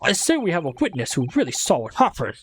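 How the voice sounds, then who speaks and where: A woman doing a deep, confident courtroom prosecutor. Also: wildly swooping pitch, quick pace, slight background noise.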